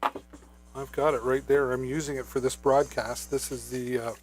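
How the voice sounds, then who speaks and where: A man's voice: mid-range voice, little pitch movement, moderate pace, soft background music. Chatty man hosting a live shopping demo. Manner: casual, chatty, many fillers. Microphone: wireless microphone.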